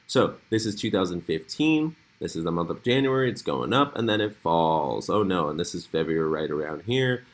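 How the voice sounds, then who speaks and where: A deep-voiced man walks through market charts in a loose, conversational way. His pitch leaps up when he stresses a point and drops back low. He sounds like a host talking straight to his viewers. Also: normal speed, few pauses. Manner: animated, lively pitch swings. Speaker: crypto channel host. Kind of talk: casual commentary over charts.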